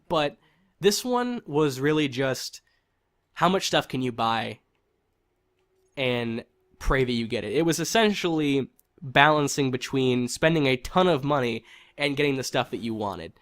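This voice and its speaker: Guy venting about a game, heated and annoyed, mid pitch, swears a lot. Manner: heated, frustrated, swearing, repeats for emphasis. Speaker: gaming commentator. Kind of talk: casual opinion rant.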